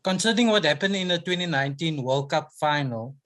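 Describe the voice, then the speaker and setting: A man's voice: fairly high pitch, lively intonation, fairly quick, a bit bright. A man asking a player questions at a press conference in a friendly, teasing way. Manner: friendly, teasing, laughs easily. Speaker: reporter.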